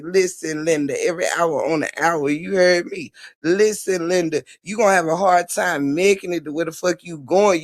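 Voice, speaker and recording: A man hosting a livestream, ranting loudly and profanely, taunting someone and repeating "you heard me". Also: high voice, no room sound, clean studio sound. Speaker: livestream host.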